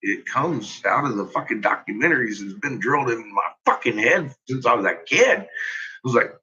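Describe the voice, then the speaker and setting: A man's voice: medium pitch, expressive, normal speed, bright, forceful tone, husky. A man ranting casually and with exasperation, swearing often and laughing at his own points. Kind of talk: profane casual rant. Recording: dull lo-fi recording.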